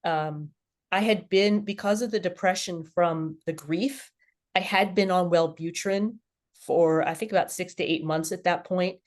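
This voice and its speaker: A woman's voice: on the low side, measured pace. A middle-aged woman, a podcast guest, telling her personal story candidly and with animation. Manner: candid, animated, laughs at herself.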